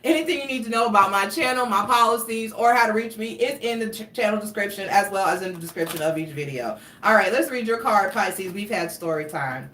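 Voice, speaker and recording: A woman's voice: mid-range voice, expressive, brisk, hardly any pauses, fairly bright tone, slight background noise. Young woman rambling thru a tarot read, cussing a lot, kinda far from the mic and echoey. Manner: rambling, profane, chatty. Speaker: tarot reader. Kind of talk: casual tarot reading vlog. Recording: roomy echo, distant from mic.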